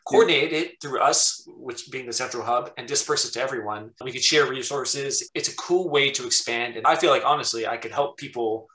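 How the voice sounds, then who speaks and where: A man's voice: mid-range voice, brisk, hardly any pauses, bright, forceful tone, reverberant, rough recording. A man, a business owner being interviewed, talking candidly and with animation about running his company. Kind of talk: casual interview chat.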